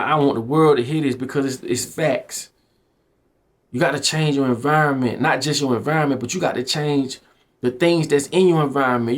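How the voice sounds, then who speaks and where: A man, from Belle Glade, giving impassioned direct-to-camera commentary as a vlogger. He talks in an emphatic, preachy way, full of slang, and keeps calling the viewer bro and man. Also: a little high. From Belle Glade, Florida.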